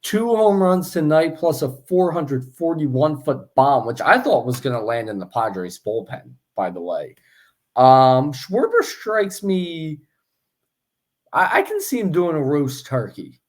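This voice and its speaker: A man's voice: on the high side, very animated, measured pace. A man co-hosting a casual sports podcast, chatty and joking, with many fillers and restarts. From Philadelphia area. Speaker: podcast co-host.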